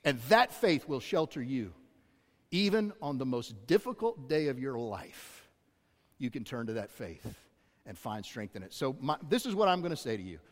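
A man's voice: mid-range voice, big pitch swings, normal speed. A man preaching a sermon as pastor, speaking conversationally with self-deprecating asides to his congregation. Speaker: executive pastor. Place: church auditorium. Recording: long hall reverb.

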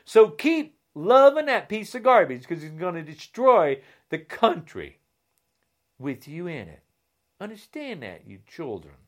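A man delivering a heated, insulting rant straight to camera, swinging between shouting and a low, menacing growl. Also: sing-song, measured pace. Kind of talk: angry political rant to camera.

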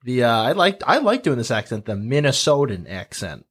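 A man working through a list on a casual podcast panel. He jokes around and drops into impressions as he goes, at an ordinary pitch. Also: sing-song, moderate pace, breathy edge. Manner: jokey, slips into impressions of accents. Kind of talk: casual chat.

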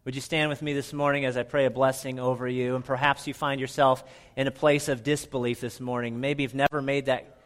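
A middle-aged man preaching a sermon as pastor, earnest, often dropping to a soft, hushed delivery for emphasis. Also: mid-range voice, little pitch movement, brisk, few pauses.

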